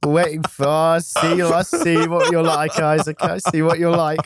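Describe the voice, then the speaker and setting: A man chatting casually as a gaming co-host, animated and quick to laugh. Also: on the high side, crowd noise. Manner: animated, laughs often, slips into silly voices. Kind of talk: casual chat while gaming.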